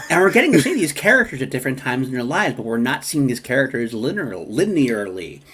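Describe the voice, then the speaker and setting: A man hosting a casual podcast chat, talking in an animated, rambling way with many restarts. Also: mid-range voice, a little fast, a loud crowd. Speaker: podcast host.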